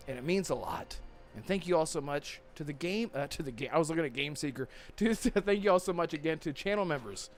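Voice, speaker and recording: A high-pitched man hosts a casual live podcast, chatting loosely and laughing a lot. He stumbles over his words and restarts often. Faint music plays under the talk. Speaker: podcast host. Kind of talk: casual live-stream chat.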